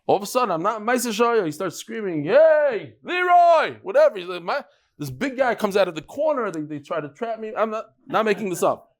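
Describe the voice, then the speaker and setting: Animated man teaching Talmud. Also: sits high, fast. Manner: animated storytelling, mixing English with Hebrew and Yiddish terms. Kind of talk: lively Talmud class lecture.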